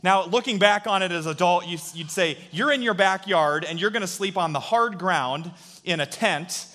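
A man preaching to a congregation, spinning a childhood story with animated energy. His voice sits a bit high for a man. It carries a long reverb, as if in a large hall. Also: normal speed. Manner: animated storyteller, drops to a hush for quoted voices. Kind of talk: sermon storytelling.

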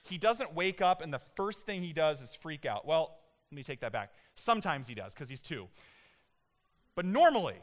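A man in his thirties delivers a sermon with a bright, high tenor. His tone is smooth and clear, and he shifts between animated storytelling and emphatic points. He sounds like a pastor speaking to a congregation.

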